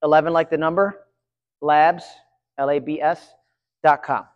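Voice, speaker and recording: A man giving a live conference session, chatty and energetic, talking to his audience. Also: fairly high pitch, measured pace, muffled recording. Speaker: conference presenter. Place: large conference room. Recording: reverberant hall.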